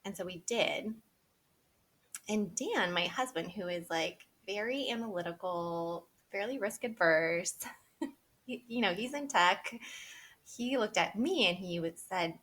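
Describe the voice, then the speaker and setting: Bright-voiced woman telling her story. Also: medium pitch, expressive, a little slow. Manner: candid and emotional, laughing often, quoting herself and others. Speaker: interview guest. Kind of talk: personal storytelling in a podcast interview.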